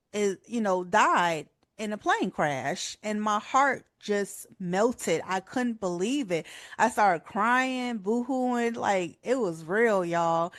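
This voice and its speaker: A woman's voice: on the high side, no echo, studio quality. Heartfelt woman hosting radio. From Chicago. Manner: heartfelt, chatty, says "y'all" a lot. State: voice cracking with emotion. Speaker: radio show host. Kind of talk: personal tribute monologue.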